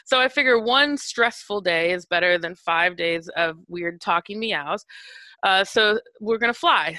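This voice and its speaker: A woman's voice: medium pitch, sharp tone, dry recording. A woman casually telling a personal story in a chatty, wry way with many fillers.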